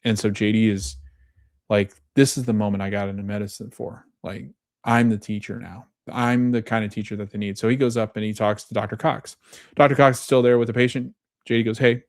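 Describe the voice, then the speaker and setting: A man's voice: lowish voice, steady tone, fairly quick, darkish tone, no room sound, studio quality. A man hosting a podcast, retelling scenes in casual chat, reading quoted lines and often correcting himself. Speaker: podcast host.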